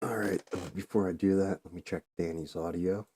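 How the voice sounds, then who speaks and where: A man's voice: low-pitched, fairly even intonation, fairly quick, mellow, a little hiss or hum. A man hosting a casual painting livestream, rambling loosely and swearing freely.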